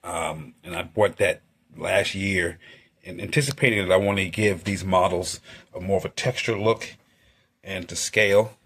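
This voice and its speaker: A man's voice: low voice, moderate pace, a bit bright, husky. A man, an artist and model builder, chatting casually at home as he works, with lots of fillers and playful little sound effects.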